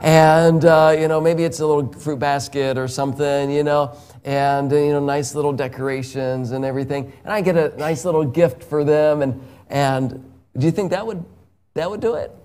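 A man sharing the gospel one-on-one. He speaks slowly and with emphasis, chuckling often as he explains with everyday examples. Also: on the high side, fairly even intonation, a little mellow, smooth.

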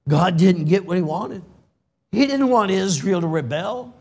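A middle-aged man from California preaching in a high voice, slow and deliberate. He leans hard on key lines, then drops to a hushed near-whisper, and his delivery swings with emotion. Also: animated, gravelly, breathy edge. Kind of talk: sermon.

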